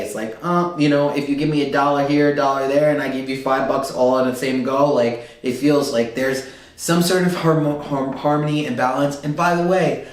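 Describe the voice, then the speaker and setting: A man's voice: medium pitch, fairly even intonation, normal speed, recorded from a distance. A man giving a casual astrology reading, loose and emphatic, often checking in with "okay?". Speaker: tarot reader. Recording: very echoey room, voice set back from the mic.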